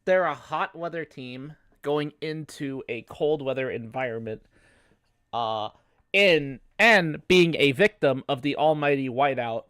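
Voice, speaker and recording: A man's voice: fairly high pitch, dry recording, studio quality. A man hosting a casual sports podcast, rambling with fillers and swearing, with a cough. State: has a cough. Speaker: podcast host.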